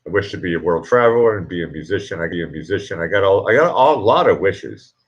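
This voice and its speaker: A middle-aged livestream host talks fast in a low, expressive voice, and the sound is lo-fi. He chats casually and ramblingly with viewers, interrupting himself and laughing at his own jokes.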